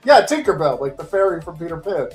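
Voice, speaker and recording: A man's voice: on the high side, sing-song, fast talker, faint music behind. A man on an online panel call, telling a casual story with lots of laughter and acted-out voices and sound effects. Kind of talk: casual group chat.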